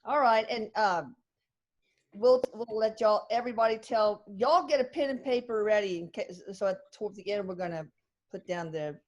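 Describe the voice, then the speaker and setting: A middle-aged woman with a Texan accent hosting a casual group chat, chatty and quick to laugh. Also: mid-range voice, dull audio. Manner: chatty, laughing, drawling y'all. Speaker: host.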